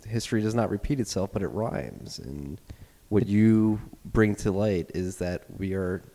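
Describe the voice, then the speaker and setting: A man's voice: lowish voice, measured pace, mellow, big-room sound. A male podcast host talking in casual chat, earnest and rambling, with some swearing.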